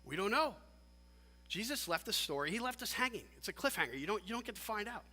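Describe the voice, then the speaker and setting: Emphatic preacher, bright voice, hall reverb. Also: male voice, high-pitched, fast talker. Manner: animated, emphatic preaching with many restarts. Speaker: pastor. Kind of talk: sermon. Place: church sanctuary. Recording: long church hall reverb.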